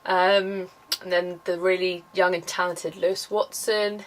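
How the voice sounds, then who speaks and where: A woman's voice: lowish voice, little pitch movement, a little slow, low-quality recording. A woman talking casually to camera in a vlog, chatty and enthusiastic with lots of fillers. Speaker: vlogger.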